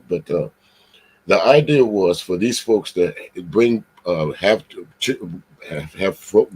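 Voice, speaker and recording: A man hosting casual commentary, rambling and searching for words in a husky voice. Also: deep voice. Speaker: host.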